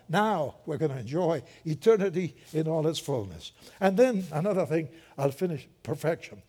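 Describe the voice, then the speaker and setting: An older man preaching a sermon in a lively, conversational way with joking asides. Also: a little high, normal speed, hardly any pauses, slightly rough.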